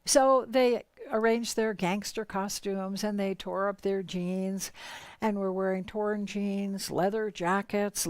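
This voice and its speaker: A woman telling a spiritual story in a lively, dramatic way, with sudden shifts in loudness. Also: mid-range voice, dry recording.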